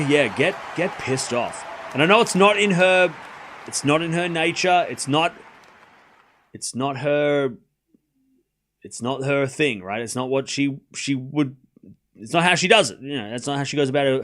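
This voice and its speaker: A man's voice: medium pitch, a bit bright. A man hosting a live tennis watchalong stream, rambling casually with lots of "you know" and restarts. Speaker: host.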